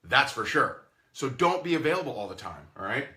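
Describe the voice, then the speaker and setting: A man's voice: medium pitch, sing-song, fairly quick, bright, forceful tone. A man coaching network marketers, talking animatedly and acting out phone calls in goofy voices. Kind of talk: sales coaching talk.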